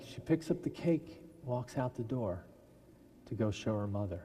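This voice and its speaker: A man preaching a sermon as a minister, telling a story with lively delivery and briefly acting out the people in it. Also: fairly low pitch, a little slow, breathy edge. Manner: animated storyteller who acts out quoted voices. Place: large church sanctuary. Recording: long church reverb. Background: congregation laughing.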